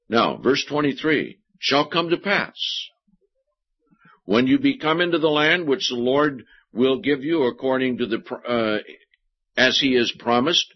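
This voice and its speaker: Deliberate husky preacher, lo-fi recording. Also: male voice, medium pitch. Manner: deliberate, slows to stress key words. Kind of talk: sermon with scripture reading. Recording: dull lo-fi sermon recording.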